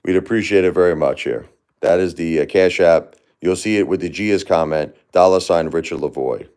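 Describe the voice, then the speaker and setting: A middle-aged man with a low, deep voice talks on a casual livestream and reacts to viewer comments. He is grieving and raw, murmuring soft condolences one moment and raising his voice in anger the next. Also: normal speed, clean tone. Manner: emotional, swings from quiet sympathy to loud angry outbursts. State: grieving and upset. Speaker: livestream host.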